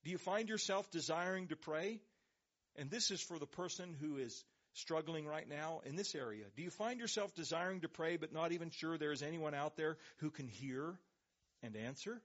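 A man preaching a sermon, pressing hard on key words and slowing down to let them land, then dropping his voice low. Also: fairly bright tone, muffled recording. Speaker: pastor.

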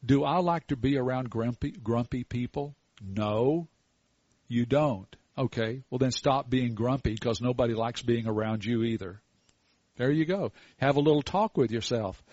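An older man preaching a sermon in a folksy, storytelling way with animated asides. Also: medium pitch, moderate pace, dry recording, muffled recording.

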